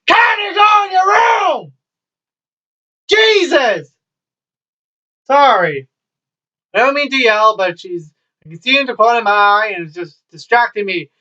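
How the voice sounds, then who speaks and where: This vlogger is a young man whose high-pitched voice comes across bright and forceful. At home with a child close by, he tells loose, rambling stories full of wry remarks and frequent swearing, captured in dull lo-fi sound from across the room.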